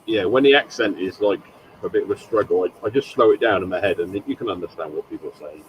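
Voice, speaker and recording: A man with a Northern English accent in casual chat, halting and repeating words before trailing off. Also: low-pitched, dull audio, a little hiss or hum. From United Kingdom.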